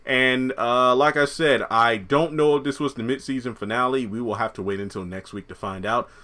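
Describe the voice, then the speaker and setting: A man's voice: medium pitch, moderate pace, bright, forceful tone. A man giving a casual, joking review of a TV episode, chatty and loose with some profanity.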